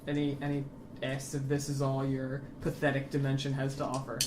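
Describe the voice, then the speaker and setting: A man's voice: medium pitch, monotone, a little fast. A man running a tabletop game as its master, narrating in a loose, swearing, filler-heavy way. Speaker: dungeon master. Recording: echoey room with noise.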